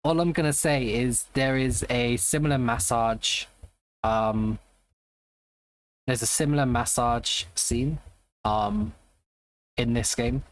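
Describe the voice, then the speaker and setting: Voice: mid-range voice, animated, takes it slowly, pauses often. A live streamer in casual chat, rambling and greeting viewers by name.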